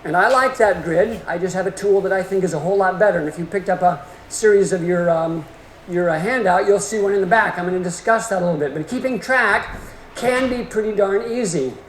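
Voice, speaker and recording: A man's voice: high voice, brisk. A middle-aged man giving a continuing-education lecture, folksy and emphatic in manner. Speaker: orthodontic lecturer. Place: lecture hall. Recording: echoey hall with faint room noise.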